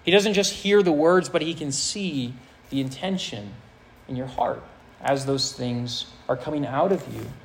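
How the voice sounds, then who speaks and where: A male pastor preaching a sermon to a high school audience, reading scripture aloud with earnest emphasis. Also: a little slow, creaky, slight background noise, low-quality recording.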